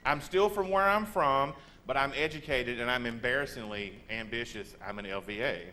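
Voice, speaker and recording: A man in his forties with a Texan accent, giving a comic storytelling speech in a lively, self-mocking drawl. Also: medium pitch, normal speed, slight background noise. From Texas. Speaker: humorous speaker.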